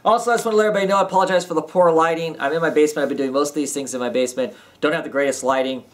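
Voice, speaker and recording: A man's voice: a little high, very fast. A tired man giving a casual, rambling comic book review from his home basement, with many ums and restarts. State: tired, yawning.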